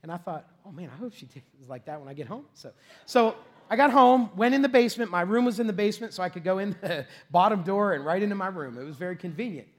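A middle-aged man preaches from the pulpit in a fairly high voice. He tells a self-deprecating story with plenty of laughter, then builds to shouted, excited peaks. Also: fast. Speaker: pastor. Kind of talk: storytelling sermon.

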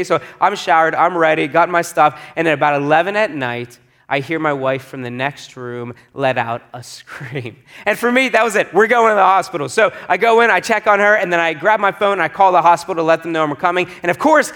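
A man's voice: fairly high pitch, steady tone, brisk, a bit bright. A man in his thirties, a pastor telling a personal story in a sermon and acting out the voices of the people in it.

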